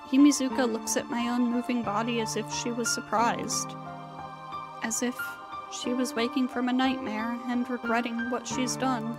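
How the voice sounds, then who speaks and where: A woman streamer reads a visual novel aloud in a high voice, slow and dramatic. Her narration is measured, leaning into tense moments. Music runs steadily underneath. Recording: music playing behind.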